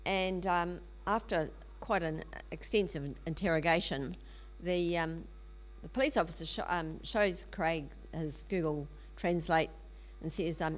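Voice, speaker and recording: A woman's voice: on the low side, measured pace. A middle-aged woman telling a story in a sermon, earnest, with frequent ums and restarts. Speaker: speaker in a church teaching series.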